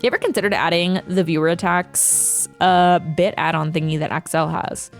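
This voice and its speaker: A woman's voice: fairly low pitch, vocal fry. A young woman streamer chatting casually, ranting with profanity and reading chat aloud. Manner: animated, profane, quick ranting with laughs. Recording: faint music behind.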